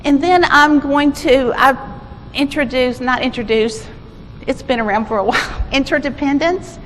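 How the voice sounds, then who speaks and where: A woman's voice: sits high, moderate pace. A woman giving a conference talk, telling a story in an informal, self-correcting way, recorded in a conference hall. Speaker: conference presenter. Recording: echoey hall with faint noise.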